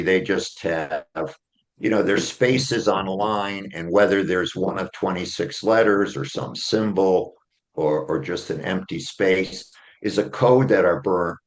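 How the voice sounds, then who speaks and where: A man, an author and attorney, being interviewed, explaining his argument step by step and checking in with "okay?". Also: low-pitched. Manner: earnest, builds a case step by step with "okay?" check-ins.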